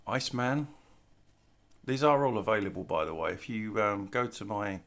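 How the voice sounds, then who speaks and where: A middle-aged man casually showing his artwork on camera, talking in a relaxed, rambling way with self-deprecating asides. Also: fairly low pitch, normal speed. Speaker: artist showing his work. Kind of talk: casual show-and-tell narration. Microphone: camera mic, handling artwork.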